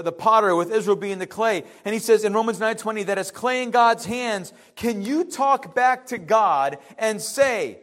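A male pastor with a high voice delivers a conversational sermon. He slows down for emphasis, drops his voice for the quiet lines and acts out the quotes in between. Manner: conversational preaching with dramatic pauses and acted quotes.

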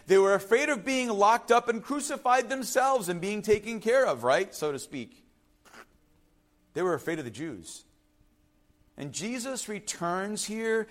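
Male preacher, high and very animated, dramatic sermon delivery with sudden soft drops. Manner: dramatic, swings from loud urgency to soft hush. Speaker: pastor.

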